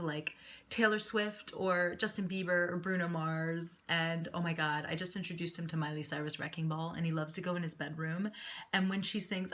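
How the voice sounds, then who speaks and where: A woman in her thirties chatting casually to camera as a vlogger, animated and laughing often. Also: on the low side.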